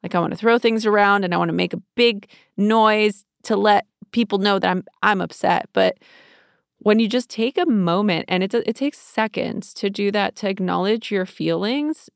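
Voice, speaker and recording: A woman's voice: medium pitch, moderate pace, creaky, dry recording, studio quality. A woman co-hosting an advice chat, talking earnestly and coaching through feelings. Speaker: co-host giving advice.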